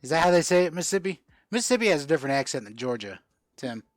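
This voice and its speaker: A man's voice: fairly high pitch, big pitch swings, very fast, no room sound, studio quality. Chatty man hosting a live card sale. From South Florida. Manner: chatty, reads out and answers viewer comments while selling cards. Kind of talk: casual live-stream chat.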